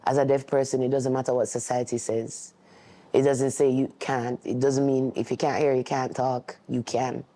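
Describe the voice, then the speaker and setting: A man speaks as a sign language interpreter, voicing a deaf guest's words in the first person. His voice is mellow and warm. He talks in an earnest, steady, reflective way, at a medium pitch. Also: moderate pace.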